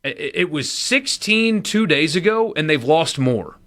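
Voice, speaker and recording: A man co-hosting a casual sports talk radio show, with a lively, animated delivery. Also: fairly high pitch, a little slow. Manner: animated, lively inflection, runs winner and loser segment.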